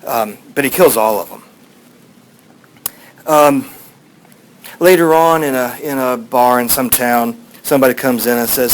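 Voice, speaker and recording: A man's voice: mid-range voice, fairly even intonation, unhurried, pauses often, slight background noise, low-quality recording. A man teaching a class, telling an old story in a rambling, casual way with many fillers. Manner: rambling, with fillers, playing voices in quotes.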